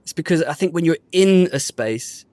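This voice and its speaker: A man's voice: fairly high pitch, normal speed, no echo. A man from the UK, a podcast guest who tells his story casually and acts out the people he quotes. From United Kingdom. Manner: lively storyteller, acts out quoted people, uses London slang.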